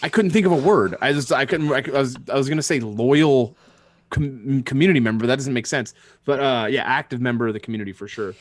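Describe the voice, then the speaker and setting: A man's voice: mid-range voice, fast, dry recording, clean studio sound. A man hosting a podcast in casual chat, rambling and groping for words as he plays listener questions. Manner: rambling, gropes for words, laughs often. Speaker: podcast host.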